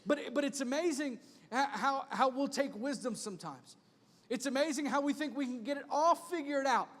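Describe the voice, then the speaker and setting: A man in his thirties preaching a sermon as pastor, conversational and animated, with a repeated refrain. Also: extremely high pitch, normal speed. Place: large church hall. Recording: long hall reverb.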